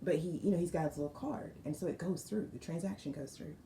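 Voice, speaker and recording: Woman spiritual reader, lowish voice, lively storyteller, echoey room with faint hiss. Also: fast talker. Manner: animated storyteller with asides to viewers. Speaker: tarot reader. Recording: roomy room with faint noise.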